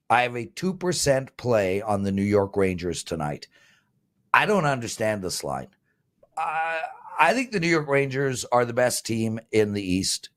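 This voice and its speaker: A man in his fifties hosting a sports betting show, pitching promo codes and boasting about his winning picks. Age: 50s. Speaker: host and sports handicapper.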